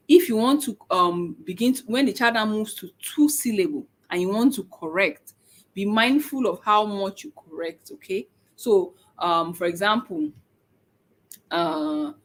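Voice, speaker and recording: Patient woman teaching parents. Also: fairly low pitch. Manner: patient, repeats points, frequent "okay?" check-ins; halting, with many "um" pauses. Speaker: speech and autism educator. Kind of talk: informal teaching talk to parents.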